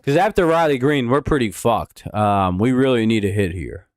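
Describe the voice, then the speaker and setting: A man's voice: mid-range voice, lively intonation, moderate pace, no room sound, clean studio sound. A man hosting a live game watch-along, swearing freely and slipping into mock announcer play-by-play, a little tipsy from drinking. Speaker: livestream host.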